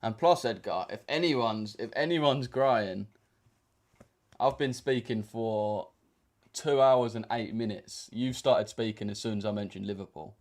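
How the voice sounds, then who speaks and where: Speaking in a lowish voice without any hurry, a young man hosts a trading livestream and chats casually. The tone is easygoing slang-filled banter with frequent fillers.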